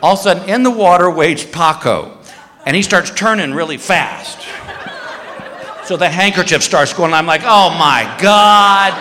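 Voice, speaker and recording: A man's voice: a little high, normal speed, bright, forceful tone, slight background noise. A man doing stand-up storytelling on stage, acting out his own shrieks and the voices of the people around him. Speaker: stand-up comedian. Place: large hall on stage. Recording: echoey hall reverb.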